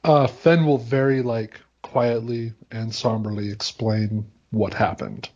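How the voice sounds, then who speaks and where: A man's voice: mid-range voice, fairly even intonation, slow pace, darkish tone, dull audio. A man playing a tabletop game, easygoing as he describes his character's actions. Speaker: player. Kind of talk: casual tabletop play.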